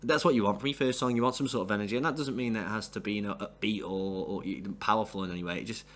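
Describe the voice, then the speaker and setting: A man with a somewhat low voice talks through an album in a loose, casual review. He rambles, doubling back with fillers and restarts as he goes. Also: steady tone, very fast, a bit bright, slight background noise. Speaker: music reviewer.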